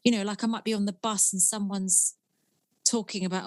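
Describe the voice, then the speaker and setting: A woman's voice: medium pitch, steady tone, fast, dry recording. A woman comedian, chatting animatedly at home as a podcast guest. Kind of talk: casual podcast conversation.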